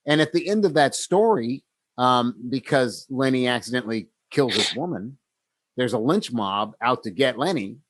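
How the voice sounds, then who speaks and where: A man's voice: medium pitch, expressive, moderate pace, dry recording. A man co-hosting a podcast, retelling story scenes in a casual way and acting out the characters' lines. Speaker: podcast co-host.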